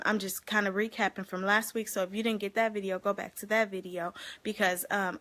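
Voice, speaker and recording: A woman vlogging casually to her viewers, giving life advice in an animated, chatty way and laughing often. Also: medium pitch. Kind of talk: casual talk to camera.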